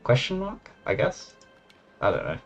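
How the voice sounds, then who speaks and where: A young man playing a game on stream, casually commenting in a puzzled, deadpan way and muttering to himself. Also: medium pitch, measured pace, vocal fry, muffled recording, faint music behind.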